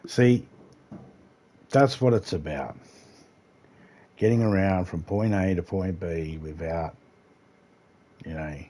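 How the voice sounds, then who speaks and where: A man with an Australian accent livestreams a game, giving casual, laid-back commentary that rambles and includes the odd swear word. His low, warm voice is slow and he pauses often.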